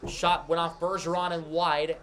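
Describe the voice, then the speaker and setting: Brief: male stream host, fairly high voice, quick running hockey play-by-play, close mic. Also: level tone, a bit bright, slight background noise. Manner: rapid, running call of each pass and shot, with asides to chat. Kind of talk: live hockey play-by-play over a scoreboard stream.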